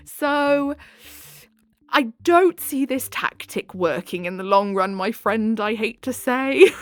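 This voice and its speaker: A woman's voice: a little high, dry recording. A woman reading dating-app posts aloud, giggling and adding sarcastic asides. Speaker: channel host reading posts. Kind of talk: casual reading with commentary.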